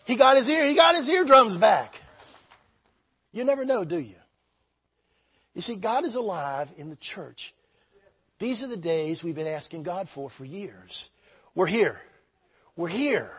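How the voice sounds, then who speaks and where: A man preaching a revival sermon as pastor, shouting with fervor and repeating phrases. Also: high-pitched, sing-song, normal speed, pauses often, slightly rough, dry recording, muffled recording.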